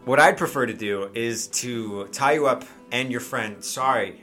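A man voicing an older male satyr pirate hunter in a tabletop game, speaking politely and gentlemanly. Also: mid-range voice, unhurried, soft background music. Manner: courteous, smooth-spoken.

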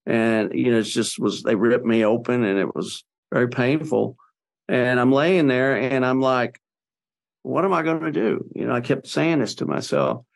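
A man's voice: mid-range voice, normal speed, creaky. A man, a podcast guest, telling a personal story in an earnest, conversational way with plenty of fillers and restarts.

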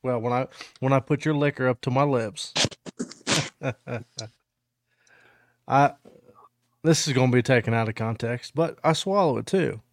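A man's voice: mid-range voice, unhurried, pauses often. A man co-hosting a casual chat, joking and repeating his words as he talks. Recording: faint background noise with clicks.

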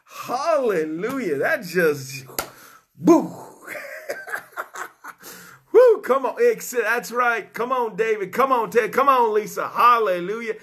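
A man's voice: very high-pitched, expressive, takes it slowly, long pauses, a bit bright. A man preaching a fervent live-streamed sermon, whooping and repeating his key phrases, greeting viewers by name. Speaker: online preacher.

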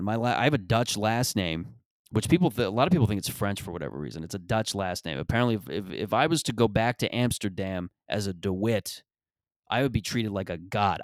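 Male comedian host, low and smooth voice, dry close sound, loose riffing monologue. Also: animated, fairly quick, dry recording. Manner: rambling, riffing, profane.

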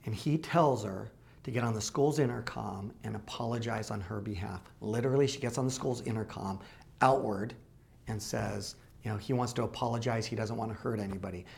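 A man hosting a conversation show, retelling a true story slowly and with emphasis. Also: lowish voice, gravelly, darkish tone. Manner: slow, emphatic retelling with quoted dialogue. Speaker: podcast host.

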